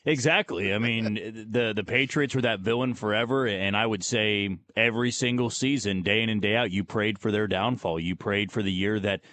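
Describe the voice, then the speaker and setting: A man's voice: fairly low pitch, normal speed, few pauses, fairly bright tone. A man co-hosting a sports radio show in casual chat, talking emphatically and agreeing with his partner. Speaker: radio co-host.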